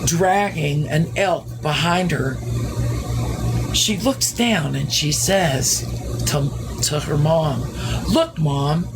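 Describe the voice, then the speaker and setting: Slow-talking woman telling a story. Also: deep voice, noisy background. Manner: slow, wondering, full of restarts. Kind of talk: casual spoken storytelling.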